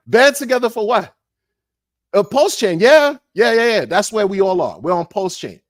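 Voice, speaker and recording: Sarcastic, animated man ranting. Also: sits high, normal speed, no echo, clean studio sound. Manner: animated, sarcastic, repeats words, laughs often. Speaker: crypto commentator. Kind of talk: casual monologue commentary.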